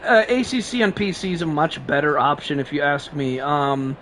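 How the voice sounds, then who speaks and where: A man's voice: fairly high pitch, animated, moderate pace, a bit bright. Guy streaming a racing game, rambly and laughing a lot, sounds tired and coughy, faint hum behind. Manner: chatty and rambling, laughs often. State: coughing, sleep-deprived. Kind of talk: casual live-stream commentary.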